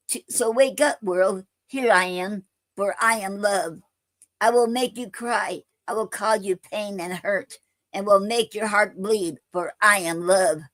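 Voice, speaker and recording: A woman hosts a poetry stream and reads her own verse at a very slow, unhurried pace. Her voice sits at a middle pitch and sounds close and dry, with no room around it. She talks in a halting way, with plenty of fillers and restarts. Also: dry recording. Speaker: poetry livestream host. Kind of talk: reading her own poems aloud.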